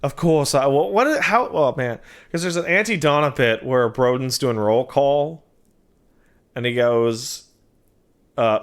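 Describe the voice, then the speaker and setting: A man streaming a game, chatting casually and reading out donations with jokey, quick asides. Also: mid-range voice, clear, resonant tone.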